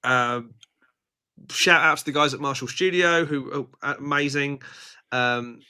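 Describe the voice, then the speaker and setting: A man's voice: mid-range voice, a little slow, bright, forceful tone, clean tone. A British man hosting a live chat show, playful and teasing, laughing often and a little short on sleep. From Britain. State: tired from lack of sleep. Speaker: show host. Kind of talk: casual live-stream chat.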